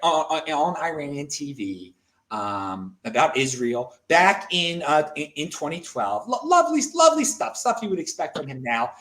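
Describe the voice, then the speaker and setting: An American man hosting a casual talk show, rambling excitably with frequent restarts and stammers. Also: on the high side, measured pace. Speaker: show host.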